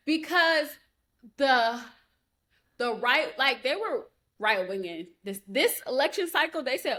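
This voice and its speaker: A woman co-hosting a podcast, telling a story in a heated, profane, animated way. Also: on the high side, unhurried. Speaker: podcast co-host. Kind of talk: casual chat.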